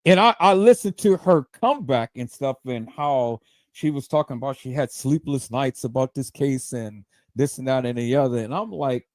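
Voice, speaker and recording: Man hosting a livestream in a heated, cursing rant. His pitch swings widely and the sound is dry and close, with no room around it. He stumbles into repeated words when worked up. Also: expressive, normal speed, a little mellow, dry recording. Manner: profane, heated, stammering repeats. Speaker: livestream host.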